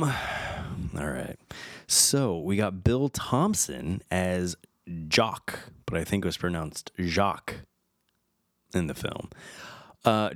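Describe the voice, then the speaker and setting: A man's voice: lowish voice, no room sound, clean studio sound. A man in his thirties hosting a podcast, reading film trivia aloud in a wry, chatty way and stumbling over names. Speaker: podcast host.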